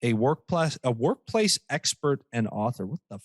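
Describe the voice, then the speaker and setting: Jokey man with a lively, dry voice. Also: medium pitch, normal speed, no echo. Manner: jokey, reads quotes aloud mockingly, laughs often. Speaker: podcast co-host. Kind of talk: casual comedy chat.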